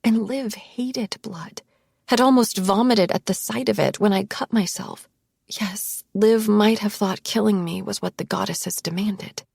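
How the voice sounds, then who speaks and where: A woman reading a first-person thriller audiobook in a hushed, tense, low-key manner. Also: measured pace, gravelly, breathy edge, no echo, clean studio sound. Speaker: audiobook narrator.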